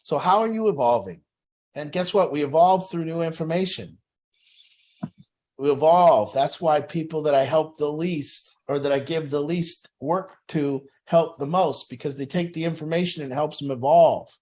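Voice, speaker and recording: A man's voice: fairly high pitch, normal speed, a little mellow. A middle-aged man leading a recovery group, telling a personal story in a blunt, profane way.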